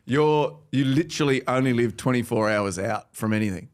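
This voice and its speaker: A man's voice: mid-range voice, brisk. A man hosting a sports podcast, teasing his co-hosts in a dry way as he moves the show along. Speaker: podcast host. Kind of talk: casual podcast chat.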